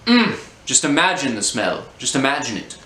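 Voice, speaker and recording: A man playing a put-on posh British beer snob, speaking theatrically with savoring pauses. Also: medium pitch, sing-song, sharp tone. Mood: playfully pompous. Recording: roomy echo, faint hum.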